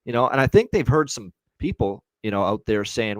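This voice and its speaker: A low-voiced man walks through his betting picks in an unhurried, rambling way, packing his talk with filler phrases. The sound is dry, with no room echo. He turns brash and profane when he hypes the audience. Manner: profane hype in sign-offs. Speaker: sports betting show co-host. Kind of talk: casual betting talk on a livestream.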